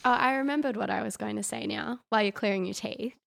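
A woman talks earnestly in a relaxed podcast chat, her voice at a middle pitch with a lot of vocal fry. She weighs her points with care as she goes. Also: quick pace. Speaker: podcast co-host. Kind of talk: casual chat.

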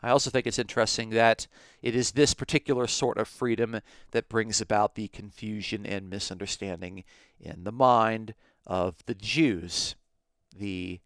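A man's voice: lowish voice, fairly bright tone, smooth, no room sound, studio quality. A man teaching a podcast Bible lesson, explaining his points methodically and step by step.

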